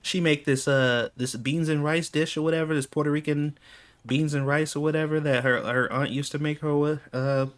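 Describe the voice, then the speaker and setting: A man's voice: fairly high pitch, fairly even intonation, moderate pace. A man telling casual, exasperated stories over gameplay, swearing freely and laughing often. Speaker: gaming video creator.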